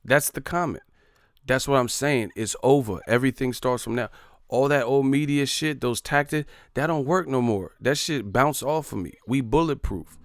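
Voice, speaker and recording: A man's voice: mid-range voice, normal speed, no echo, studio quality. A man ranting in boxing commentary, brash, combative and profane.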